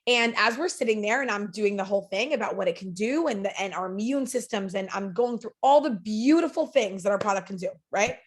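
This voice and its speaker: A woman's voice: medium pitch, fairly quick, few pauses. A woman speaking as a podcast guest, telling a story in an earnest, emphatic, motivational way. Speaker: podcast guest, sales leader.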